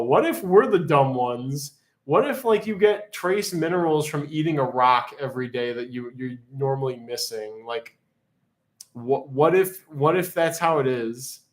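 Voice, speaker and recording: Rambling man hosting a live auction. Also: medium pitch. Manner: rambling, jokey, reads chat aloud. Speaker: live auction stream host. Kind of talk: casual live-stream chat. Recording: echoey room.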